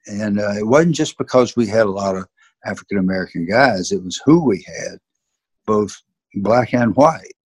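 A man's voice: fairly low pitch, lively intonation, normal speed, slightly rough, dry recording. An older man with a Southern accent, a former football coach telling stories in an earnest, emphatic way. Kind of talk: reflective storytelling in an interview.

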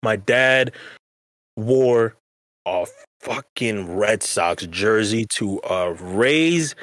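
A man's voice: fairly low pitch, expressive, extremely slow, a bit bright, no echo. Rambling man, dry close sound. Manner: rambling, slangy, many restarts. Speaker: podcast co-host. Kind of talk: casual chat.

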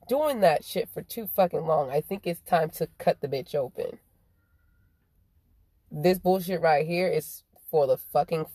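A woman, ranting in a profane stream-of-consciousness monologue, swinging between drawn-out slow phrases and quick bursts. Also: low voice, dark tone, no echo.

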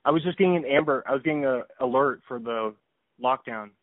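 A young man hosting a podcast over the phone, talking in an excitable, stammering way and laughing often. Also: mid-range voice, fast talker, dry recording. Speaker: podcast host. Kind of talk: casual chat on a phone call. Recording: tinny phone line.

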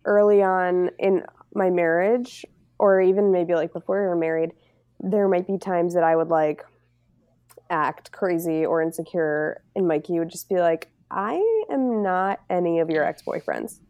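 A woman's voice: on the low side, flat delivery, moderate pace, no echo, muffled recording. A young woman on a casual podcast speaks earnestly and self-deprecatingly, packing her sentences with "like". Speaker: podcast co-host. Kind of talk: casual candid conversation.

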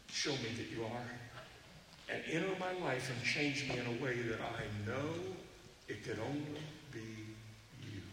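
Animated preacher in an echoey hall. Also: male voice, on the high side. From Texas. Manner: animated, acts out voices in his stories. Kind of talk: storytelling sermon. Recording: echoey hall from far off, noisy.

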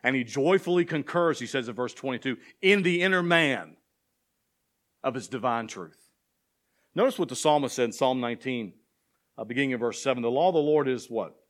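A pastor preaches to his church in a mid-range, slightly bright voice at a moderate pace, pausing often. He asks the congregation questions in call-and-response fashion and builds with rising intensity to emphatic passages.

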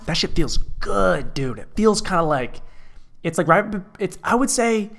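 A man's voice: sits high, expressive, a little slow, vocal fry, fairly bright tone. A man alone in an empty apartment, talking through a rambling, profane comedic monologue full of restarts.

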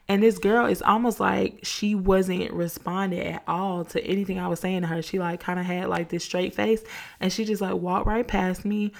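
A woman hosting a podcast, casually retelling a dream with lots of "like" fillers and animated quoted dialogue. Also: lowish voice, normal speed, gravelly. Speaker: podcast host. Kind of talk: casual storytelling.

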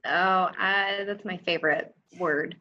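Excitable, laughing woman co-host. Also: on the low side, slow, a little hiss or hum. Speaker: podcast co-host. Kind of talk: casual chat. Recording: slightly dull, lo-fi sound.

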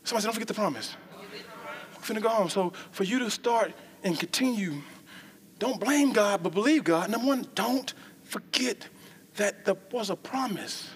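A woman preaching a lively sermon with call-and-response lines, breaking into shouts and joking asides. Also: medium pitch, moderate pace, husky.

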